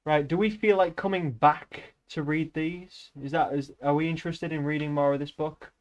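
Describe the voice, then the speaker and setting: A man's voice: on the high side, steady tone, moderate pace, highs cut off. A young man streaming, chatting to viewers in a rambling, offhand way and swearing casually. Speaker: livestreamer.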